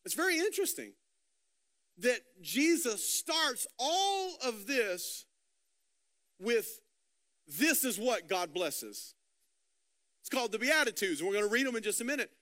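A male pastor gives a sermon in a high, bright, forward voice. He tells casual stories and acts out the people in them, repeating words along the way. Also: very animated, a little slow, long pauses. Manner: storytelling with quoted dialogue, repeats words.

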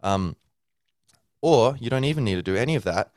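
A man's voice: mid-range voice, lively intonation, brisk, a little mellow, no echo, clean studio sound. A man hosting a podcast, explaining in a casual, rambling way with many fillers and restarts. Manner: acts out a learner's inner thoughts. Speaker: podcast host. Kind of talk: casual teaching monologue.

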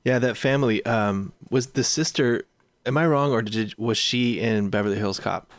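A man's voice: mid-range voice, normal speed, no echo. A man co-hosting a film podcast, chatting and musing aloud, often trailing off into questions. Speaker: podcast co-host. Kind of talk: casual film discussion.

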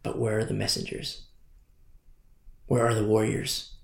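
A man's voice: lowish voice, little pitch movement, a little slow, gravelly. A man preaching a sermon as pastor, pressing home his points with repeated rhetorical questions. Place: church hall. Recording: echoey church room.

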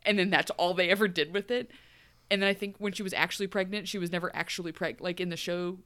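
A woman's voice: lowish voice, fast. A woman co-hosting a podcast, chatting casually about a TV episode, rambling and acting out lines from scenes. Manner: animated, rambling, acts out quoted lines. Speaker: podcast co-host. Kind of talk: casual TV recap chat.

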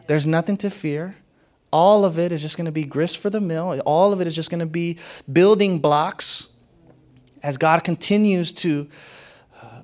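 A man's voice: on the high side, darkish tone. A man preaching a sermon as a pastor, in a conversational and playful way, often laughing and acting out what others said.

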